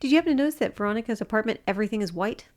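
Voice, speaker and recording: A woman co-hosting a podcast, sarcastic and quick to argue. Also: mid-range voice, lively intonation, darkish tone. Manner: sarcastic, argumentative. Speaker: podcast co-host. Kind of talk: casual chat.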